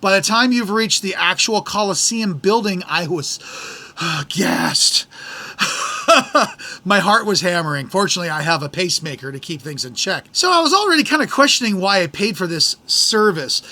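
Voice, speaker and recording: A middle-aged American podcast host tells his story with lively exasperation. His voice sits high for a man and rings bright and forward. He slips in quick impressions of the people he met. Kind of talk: casual storytelling.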